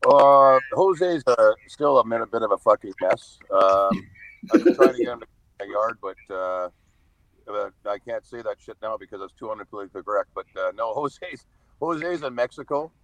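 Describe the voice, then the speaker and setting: A man's voice: lowish voice, moderate pace, fairly bright tone, lo-fi sound. A man telling stories as a podcast guest over a call, blunt and freely profane. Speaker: podcast guest, reality show star. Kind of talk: casual storytelling on a call. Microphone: phone or video call over wifi.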